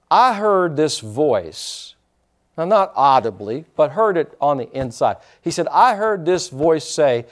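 Pastor guy preaching hard, voice bouncing all over, kinda high. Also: sing-song, measured pace. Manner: emphatic, dramatic preaching with sudden shouts. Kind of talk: sermon.

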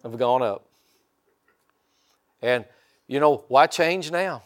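A man's voice: mid-range voice, takes it slowly. An older man from Indiana preaching a sermon in a folksy way, often calling out for amens. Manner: folksy, calls for amens from the congregation. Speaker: pastor.

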